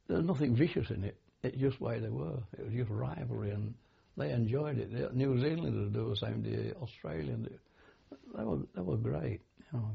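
An older man from Britain recalls his army days in an oral history interview, speaking haltingly with many fillers and restarts. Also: lowish voice. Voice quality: gravelly and raspy. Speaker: war veteran interviewee. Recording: dull lo-fi archival tape.

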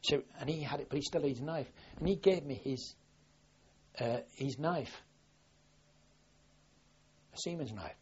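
A man's voice: fairly high pitch, measured pace, long pauses, a little hiss or hum. An older man from southwest England, a war veteran, recalling his experiences in a rambling, plain-spoken way full of restarts. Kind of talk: oral history recollection. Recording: dull lo-fi archive recording.

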